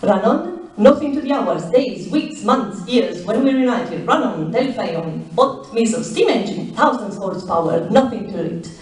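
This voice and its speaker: A smooth-talking scheming male fortune hunter, read out by a woman in choppy, breathless bursts of words. The sound is echoey and distant, caught from across a lecture hall. The tone is mellow. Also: mid-range voice, expressive, slight background noise, lightly acted. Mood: gushing. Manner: rapid, fragmented, breathless talk.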